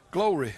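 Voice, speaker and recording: A male preacher giving a sermon, animatedly quizzing the congregation in a church. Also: sits high.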